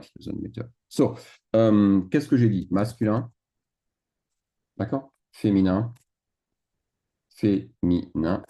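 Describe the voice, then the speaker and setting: Guy teaching grammar, low mellow voice, slow and easy, lots of "d'accord?". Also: vocal fry. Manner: mixes French into English, checks in with "d'accord?". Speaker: French teacher. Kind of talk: screen-share grammar lesson.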